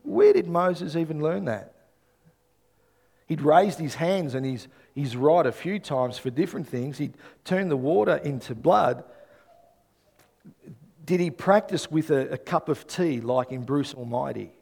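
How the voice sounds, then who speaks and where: A male pastor preaching an animated sermon, telling stories and rising to loud bursts. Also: on the high side, unhurried, vocal fry, husky.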